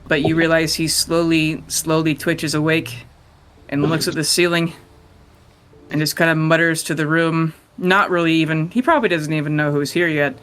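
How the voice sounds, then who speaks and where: A game master narrating a tabletop role-playing scene in a relaxed, rambling storytelling way. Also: mid-range voice, moderate pace, smooth. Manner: casual storytelling with fillers and laughs.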